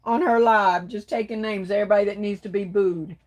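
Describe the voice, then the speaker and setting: A woman's voice: mid-range voice, steady tone, fairly quick. Lady hosting a craft live, chatty and sweet, calling folks baby and darling. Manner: warm, affectionate, calls viewers baby and darling. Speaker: livestream host. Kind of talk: casual livestream chat reading comments.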